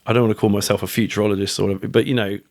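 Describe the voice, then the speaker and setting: A man's voice: fairly low pitch, steady tone, very fast, a little mellow. A middle-aged man from the United Kingdom, an author talking as a guest in a casual podcast interview, chatty, swearing, restarting his sentences often. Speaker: guest, author and fund manager.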